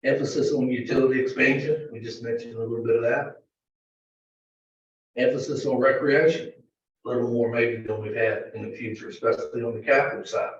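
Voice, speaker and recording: A man's voice: mid-range voice, steady tone, dull audio, slight background noise. Man, echoey distant meeting audio. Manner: halting, many fillers and restarts. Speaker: county administrator presenting a budget. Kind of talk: formal budget presentation to a board. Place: county board meeting room.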